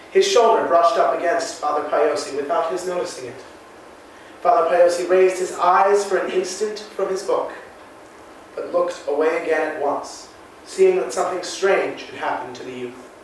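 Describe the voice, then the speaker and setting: A man narrating a classic novel in a measured, solemn way. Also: on the high side. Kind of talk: audiobook reading of a classic novel. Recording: very echoey room, mic far off, faint hiss.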